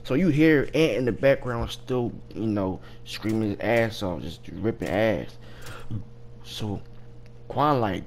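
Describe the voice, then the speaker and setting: A man's voice: lowish voice, lively intonation, takes it slowly, darkish tone, a little hiss or hum. Young guy telling a crude work story, cussing a lot, keeps restarting and cracking himself up. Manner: rambling, profane, laughing at his own story. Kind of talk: casual storytelling.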